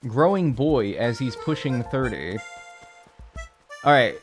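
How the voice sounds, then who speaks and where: A man's voice: mid-range voice, animated, slow pace, soft background music. A man in his twenties, a game streamer chatting casually with live viewers in a rambling, joking way. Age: 20s. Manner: rambling, joking, full of filler "like".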